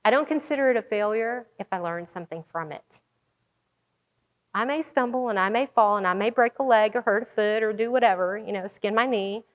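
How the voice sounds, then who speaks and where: A woman's voice: mid-range voice, fairly quick, in a large hall, muffled recording. A woman who organizes conferences tells a story about her own work and acts out the lines other people said. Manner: animated, acts out quoted lines. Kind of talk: storytelling talk.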